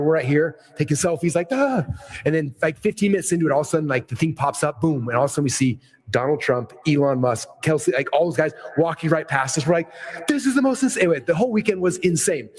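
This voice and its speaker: A middle-aged man speaking on stage to a live audience, telling a long rambling story in an excited, playful way. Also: on the high side. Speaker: keynote speaker.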